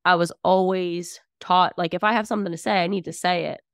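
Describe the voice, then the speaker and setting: An outspoken young woman chats as a podcast guest, piling on fillers as she tells her stories. Her voice sits low with a gravelly fry, and the recording is close and dry. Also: a little fast, no room sound. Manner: outspoken, animated storytelling with many fillers. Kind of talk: casual conversation.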